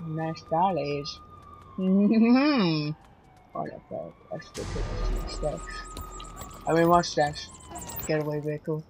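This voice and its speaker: A man commenting on his own gameplay, excitable, swearing a lot and yelling at the game with jokes. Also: on the high side, slow pace, long pauses, slight background noise, rough recording. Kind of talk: playing a game and reacting.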